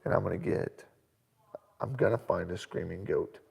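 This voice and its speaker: A middle-aged man with a very gravelly, husky voice hosts a casual live question-and-answer chat from home. He tells stories in an animated way and laughs often. The room gives his voice a long reverb tail. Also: deep voice, moderate pace. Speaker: host.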